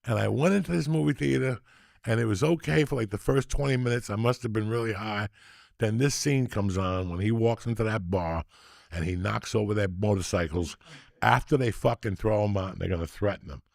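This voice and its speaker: A man hosting a podcast, telling stories in a loose, profane, excitable way. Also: on the low side, brisk, vocal fry, dry recording, studio quality. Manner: profane, excitable, animated storyteller. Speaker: podcast host. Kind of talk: casual storytelling chat.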